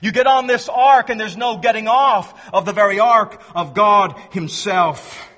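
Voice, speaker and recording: A man preaching a sermon with emphatic stresses, dropping to hushed low words and repeating phrases as he presses his point. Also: a little slow. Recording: long reverb of a large hall.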